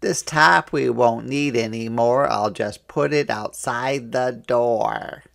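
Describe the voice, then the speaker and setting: A man voicing a brisk, tidy mother bear in a practical storybook voice. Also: mid-range voice, gravelly, a bit bright.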